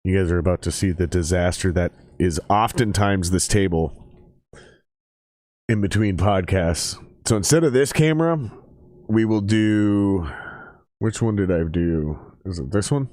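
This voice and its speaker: A man chatting casually on a live stream while watching football, loose and profane, jumping into excited play-by-play. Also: low-pitched, measured pace, no echo, clean studio sound. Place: table at home.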